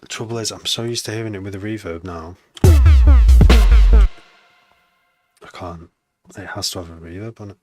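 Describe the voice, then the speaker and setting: A man with a slight Wrexham accent chats casually to himself as he produces music. His voice sits very low. He muses aloud, breaks off mid-thought and restarts, and drops in wry, self-mocking asides. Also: quick pace. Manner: musing aloud, trailing off and restarting. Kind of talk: casual self-talk while making music.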